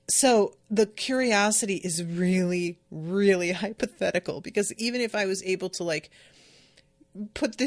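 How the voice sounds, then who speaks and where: A woman hosting a podcast, chatting casually about a book in a candid, emotional, rambling way, full of fillers. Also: medium pitch. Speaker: podcast host. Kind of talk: casual book-discussion chat.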